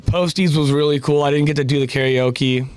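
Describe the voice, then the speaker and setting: A young adult man, a podcast co-host, chatting casually and telling a lively story, acting out the lines of the people in it. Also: on the high side, a little fast, clean tone. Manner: animated storytelling, acts out quotes. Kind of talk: casual chat.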